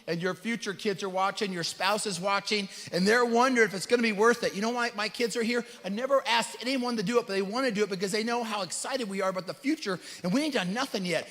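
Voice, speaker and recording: A middle-aged man leading a motivational stage speech at a convention. He talks in punchy bursts, keeps asking "right?", and swings between loud rallying and hushed, earnest stretches. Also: sits high. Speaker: company leader speaking at a convention. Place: large event hall. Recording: long hall reverb.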